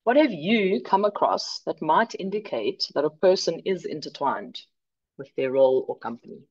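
Measured woman presenting a workshop. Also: deep voice, lively intonation, a little mellow, dull audio. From South Africa. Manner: clear, measured, lightly humorous.

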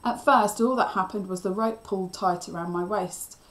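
A woman teacher reading a children's novel aloud with steady storytelling. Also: medium pitch, normal speed.

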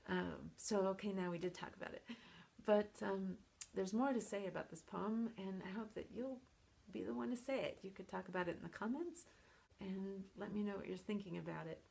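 Woman professor, explaining a poem, heavy vocal fry, husky tone, thoughtful with many pauses. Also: mid-range voice, darkish tone. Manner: thoughtful, with frequent fillers and restarts. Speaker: college professor.

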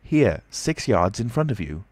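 A man's voice: lowish voice, big pitch swings, measured pace, darkish tone, dry recording, pitched above the performer's own voice. A man voicing an impatient, commanding unseen stranger who speaks tersely and insistently, in a storybook reading. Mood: firm, insistent.

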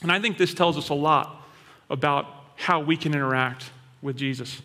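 A male pastor preaching a sermon in an animated storytelling manner. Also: a little high, moderate pace. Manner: animated storytelling, acting out quoted voices. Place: church hall. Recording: long hall reverb.

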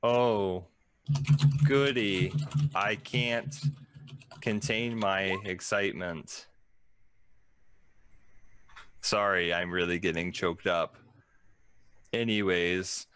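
A man voicing a slow, sarcastic male gnome shopkeeper with a drawn-out sales patter in a tabletop game. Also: sits low, pushed and bright, clean tone, exaggerated voice. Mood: sarcastic deadpan.

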